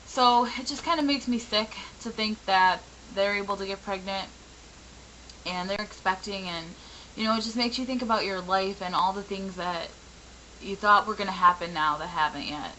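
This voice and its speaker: A young woman in her twenties talks frankly and rambles through a personal update, full of fillers. Her voice is bright and sharp, roughened a little by a recent sore throat. A faint background noise sits under the recording. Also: mid-range voice, normal speed, low-quality recording. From Michigan, US. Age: 20s. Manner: candid, frustrated, rambling with many fillers. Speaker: vlogger. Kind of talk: personal venting vlog.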